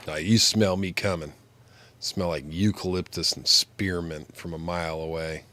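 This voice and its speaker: Sick with the flu, a man streams a game, joking and rambling in casual chat while his low, sharp voice comes out congested and nasal from a stuffy nose. There's no echo on the audio.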